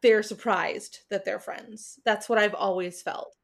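A woman's voice: medium pitch, fairly even intonation, a little slow, creaky. Thoughtful woman in a casual book chat.

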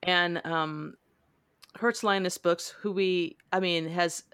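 A woman's voice: fairly low pitch, fairly even intonation, takes it slowly, fairly bright tone, clean tone. A woman hosting a casual book club podcast. She chats, reads passages aloud and laughs often. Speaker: podcast host.

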